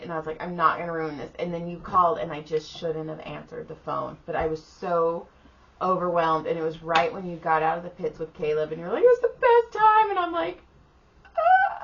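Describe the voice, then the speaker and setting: A middle-aged woman co-hosts a podcast, and in casual chat she tells a tired, profane story, animatedly voicing the people in it. She sounds exhausted, with a lowish, creaky voice. The audio is slightly dull, with faint room noise.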